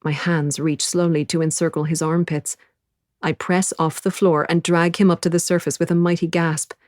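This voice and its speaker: Woman, audiobook narrator, low pitch, intense inner monologue, dry close recording. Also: level tone, normal speed, a little mellow, dry recording. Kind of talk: first-person novel narration.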